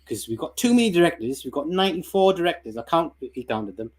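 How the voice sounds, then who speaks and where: A man's voice: a little high, sing-song, fast. A British man hosting a livestream, explaining the format in a loose, rambling way. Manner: loose, rambling, full of ums and restarts. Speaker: stream host. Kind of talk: casual livestream chat.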